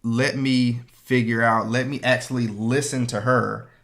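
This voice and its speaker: Animated man telling a married-life story. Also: mid-range voice, a little slow. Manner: animated storyteller, acts out quotes. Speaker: podcast co-host. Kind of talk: casual chat.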